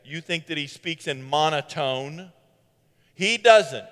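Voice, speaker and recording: A man preaching a sermon in an animated way, with sarcastic asides, swinging from loud to hushed. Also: on the high side, takes it slowly, smooth, big-room sound.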